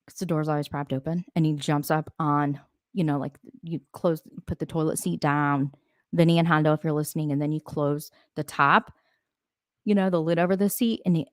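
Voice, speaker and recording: A woman with a slightly low voice hosts a relaxed live stream and chats loosely with her viewers. She reads out their comments, wanders into asides and laughs often. The recording is dry, with almost no room sound. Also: no room sound. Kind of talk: casual live-stream chat.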